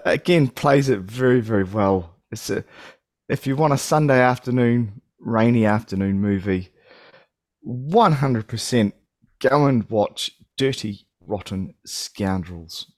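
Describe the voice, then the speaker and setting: A man's voice: medium pitch, a little slow, darkish tone, no echo, studio quality. A man hosting a podcast, chatty and laughing often as he talks over films. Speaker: podcast host. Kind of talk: casual chat.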